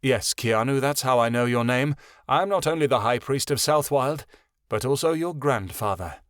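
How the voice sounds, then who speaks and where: A man voicing an older high priest and grandfather who speaks steadily and kindly, firm when challenged. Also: moderate pace, no room sound, clean studio sound, natural voice. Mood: steady.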